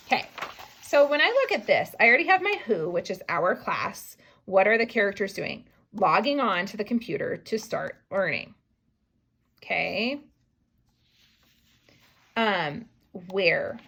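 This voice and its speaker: A woman teaching a young class to write a sentence, slowly sounding out each word, syllable and letter and often dropping to soft, half-whispered phonics sounds. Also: mid-range voice, animated, creaky, slight background noise, low-quality recording. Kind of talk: early-grade writing lesson, sounding out words.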